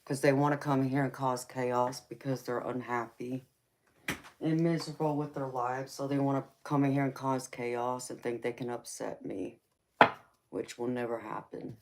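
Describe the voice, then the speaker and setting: A woman with a Southern accent and a low, deep voice, chatting casually on a live stream as a tarot reader. She is easygoing, laughs often and calls her viewers honey and baby. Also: steady tone, moderate pace, a little mellow, a little hiss or hum.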